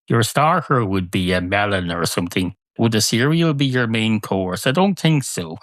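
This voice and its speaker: A man with an Irish accent hosting a solo comic podcast, wandering through absurd tangents in a deadpan way. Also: mid-range voice, no room sound. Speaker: podcast host.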